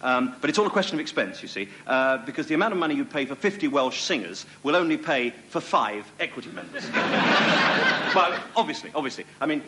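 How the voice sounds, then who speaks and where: A man's voice: medium pitch, expressive, quick pace, background noise, natural voice. A man playing a flustered TV presenter, apologising and rambling to a studio audience with many ums and restarts. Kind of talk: mock-apologetic comedy monologue.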